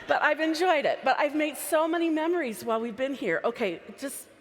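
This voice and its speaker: A woman's voice: sits high, fairly quick, slight background noise. A woman giving a chatty, playful live talk from a stage microphone to a large convention crowd. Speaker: convention speaker. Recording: live hall sound with reverb.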